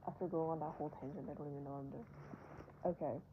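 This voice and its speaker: Young adult vlogger, loose self-mocking ramble with hushed asides, very noisy recording with clicks. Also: medium pitch, steady tone, rapid-fire, dull audio. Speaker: vlogger doodling on stream. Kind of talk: casual rambling chat while drawing. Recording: loud background noise with clicks.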